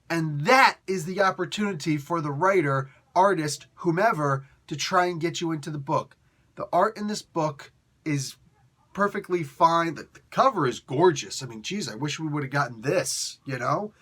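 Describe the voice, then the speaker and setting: A man's voice: a little high, fairly bright tone. A man giving a blunt, exasperated comic book review, rambling with restarts and asides. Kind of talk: casual spoken review.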